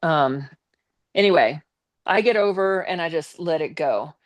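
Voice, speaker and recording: Low-voiced woman telling a wild story. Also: unhurried. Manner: animated, vivid retelling with blunt swearing. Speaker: guest telling her story. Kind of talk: casual storytelling on a live stream.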